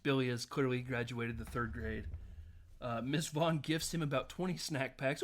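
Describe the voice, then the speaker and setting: A man's voice: medium pitch, fairly even intonation, normal speed. Male podcast host, casual recap, laughs a lot, acts out the lines. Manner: retells scenes while acting out the lines, laughing often.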